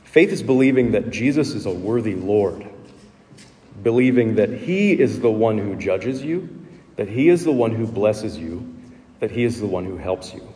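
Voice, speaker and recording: A man's voice: on the low side, expressive, normal speed, mellow, big-room sound. A man preaching a sermon as pastor, explaining the text in a conversational teaching way and posing rhetorical questions. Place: church sanctuary.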